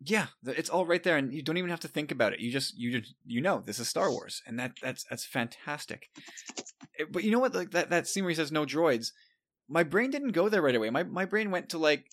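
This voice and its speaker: A man co-hosting a podcast, talking in an animated, casual way. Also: a little high, fairly quick. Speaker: podcast co-host. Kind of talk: casual chat.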